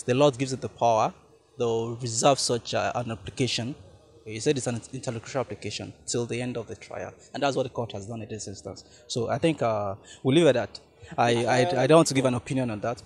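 A man's voice: medium pitch, darkish tone. A man, a defense lawyer briefing reporters in formal legal language with hesitant restarts. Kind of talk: press briefing.

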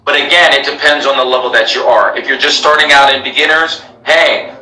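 A man's voice: medium pitch, brisk, sharp tone, reverberant, distant mic, poor audio. An American man who teaches English, speaking emphatically in a live interview, repeating himself and addressing his followers. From United States. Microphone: laptop call.

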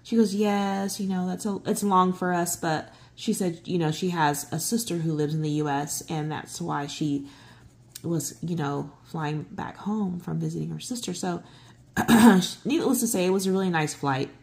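A middle-aged woman telling a travel story while she colors, rambling with lots of fillers and restarts, and getting excitable. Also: normal speed, gravelly. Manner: excitable, voice jumps high when giddy. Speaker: coloring channel host. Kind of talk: casual chat while coloring.

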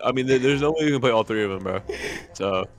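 Brash fast-talking young gamer. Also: male voice, mid-range voice, faint music behind. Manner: brash, fast retorts with swearing. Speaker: gamer in a group voice chat. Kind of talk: casual gaming banter. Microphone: gaming mic.

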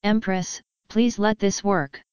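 A woman's voice: medium pitch, steady tone, slow pace, darkish tone, smooth, dry recording, natural voice. A woman voicing a tense male commander who speaks in a curt, strained way.

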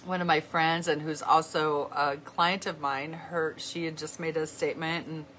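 Low-voiced middle-aged woman, earnest. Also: flat delivery, fairly bright tone. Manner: earnest, halting, with many restarts. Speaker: vlogger. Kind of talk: heartfelt casual talk to viewers.

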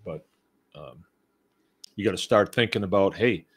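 Relaxed low-voiced middle-aged homestead host. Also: male voice, measured pace, breathy edge. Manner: rambling, relaxed and conversational, with many restarts. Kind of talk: casual live-show talk reading listener comments.

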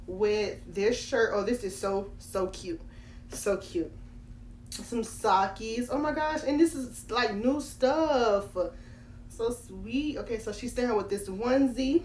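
A teenage girl from Florida excitedly unboxing on her phone, talking straight to her viewers. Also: fairly high pitch, slow. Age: late teens. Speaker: doll collector vlogger. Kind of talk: casual unboxing vlog. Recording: echoey room, faint background noise.

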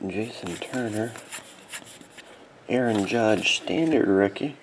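A man's voice: on the low side, expressive, a little hiss or hum. A man hosting a card break, yawning and sleepy with watery eyes, calling out card names casually. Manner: drowsy, yawning, reads card names in quick bursts.

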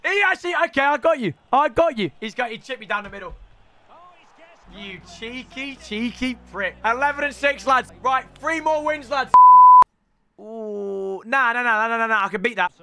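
A young man commentating his own football video game matches, excitable and sweary, ribbing his opponents. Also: extremely high pitch, moderate pace, crowd noise. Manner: excitable, shouty, sweary banter. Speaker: gaming YouTuber. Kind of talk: live gameplay commentary. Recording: game music behind voice.

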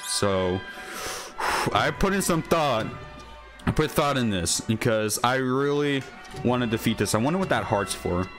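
A young man commentating a video game as he plays it, excitable and quick to yell when he fails. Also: on the low side. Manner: excitable, yells and whines when failing. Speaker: gaming channel host. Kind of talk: live gameplay commentary.

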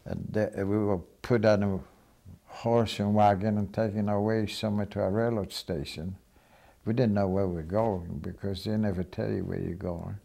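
A man's voice: lowish voice, fairly even intonation, normal speed, vocal fry, dark tone. An older man giving plain, matter-of-fact testimony as a Holocaust survivor. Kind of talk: personal testimony.

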